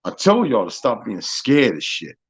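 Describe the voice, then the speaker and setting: A man hosting a live stream, telling stories in a profane, animated way that swings from loud to soft. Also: mid-range voice, moderate pace, breathy edge, no echo, rough recording. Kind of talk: casual storytelling chat.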